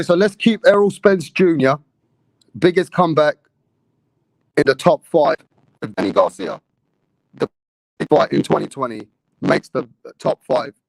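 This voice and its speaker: A man hosting a live boxing talk stream, talking in a lively, emphatic way. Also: on the high side, gravelly, dry recording, rough recording. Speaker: boxing show host. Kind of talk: casual live-stream chat.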